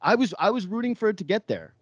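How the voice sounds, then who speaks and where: A man co-hosting a sports podcast in casual chat, animated and jokey, acting out quotes. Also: high-pitched, fast, slightly rough, no room sound, highs cut off.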